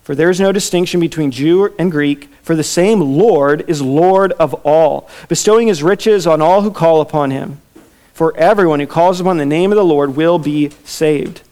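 A man's voice: on the high side, normal speed, darkish tone. A man preaching an expository sermon, emphatic and repeating his key lines. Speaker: pastor.

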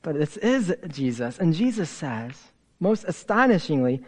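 A man preaching a sermon as a pastor, telling the story in an animated way with playful asides. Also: on the high side, a little slow. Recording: hall reverb.

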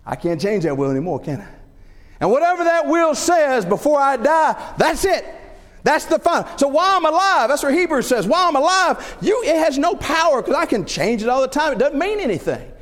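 A middle-aged man preaching a sermon, animated, asking rhetorical questions and acting out everyday scenarios. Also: extremely high pitch, fairly quick. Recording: long hall reverb.

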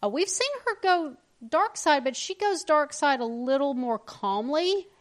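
A woman's voice: high voice, animated, a little slow. A woman co-hosting a casual chat about a TV show, adding her own thoughtful takes. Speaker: podcast co-host.

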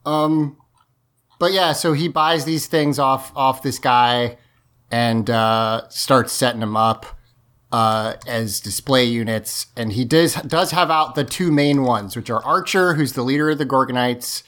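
A man's voice: medium pitch, a little slow, fairly bright tone. A man hosting a casual movie talk, recapping the plot in a loose, profane way.

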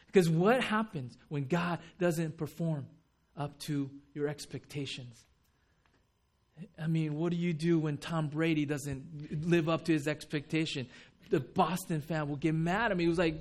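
A man with a slightly high voice delivers a sermon in an animated, dramatic way. He swings between quiet, low-key stretches and sudden loud outbursts as he acts out people's reactions. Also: moderate pace. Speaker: pastor.

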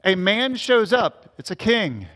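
A man's voice: high-pitched, very animated, slow, fairly bright tone. A man, a pastor, preaching a sermon to his congregation and inviting them to picture the scene as he explains. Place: church meeting room with congregation. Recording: long hall reverb.

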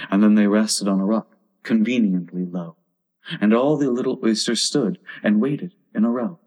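Low-voiced man reading a storybook. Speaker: narrator. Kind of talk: storybook read-aloud.

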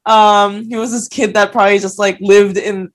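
A woman's voice: medium pitch, flat delivery, moderate pace. A young woman co-hosting a casual podcast, telling a story with lots of giggles. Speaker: podcast co-host. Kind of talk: casual chat.

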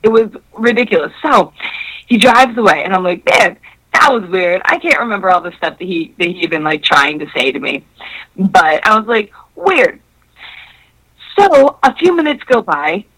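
Young woman chatting, tells stories with big voices for the people in them, mid pitch. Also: normal speed, rough recording. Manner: animated, swears, acts out voices in quotes. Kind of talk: casual storytelling chat.

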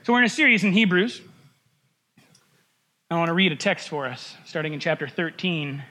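A man preaching a sermon in a relaxed, conversational way, joking and laughing at himself as he goes. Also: on the high side, moderate pace. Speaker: pastor.

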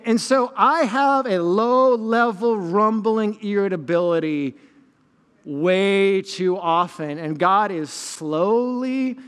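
A man preaching a sermon as lead pastor, telling animated stories with self-deprecating humor. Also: high-pitched, smooth, in a large hall.

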